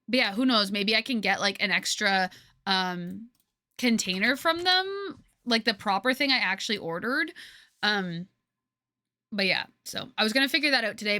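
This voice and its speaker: A woman's voice: medium pitch, sharp tone, dry recording. A young woman from Canada, a streamer chatting casually with viewers, rambling with lots of fillers and restarts, on a headset mic.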